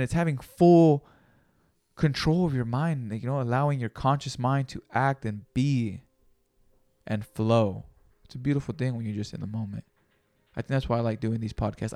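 A man's voice: medium pitch, normal speed, mellow, no echo, clean studio sound. A man hosting a solo podcast, talking in a casual, rambling, profane and motivational way. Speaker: podcast host.

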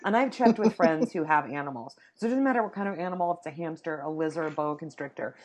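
A woman's voice: low-pitched, fast talker, a little mellow, a little hiss or hum. A woman hosting a podcast in a playful, chatty way, often laughing as she talks. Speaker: podcast host. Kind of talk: casual chat.

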